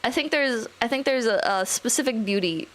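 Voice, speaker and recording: A woman's voice: a little high, animated, moderate pace, fairly bright tone. Rambling, sweary young woman streamer. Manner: rambling, swears, reads out chat. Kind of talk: casual live-stream chat.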